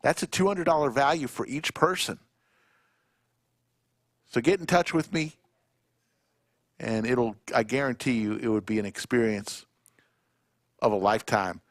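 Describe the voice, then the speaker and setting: A man hosting a live poker stream in a poker room, chatting casually and reading out viewer shout-outs one by one. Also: mid-range voice, unhurried, long pauses, no room sound, clean studio sound. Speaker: poker livestream commentator.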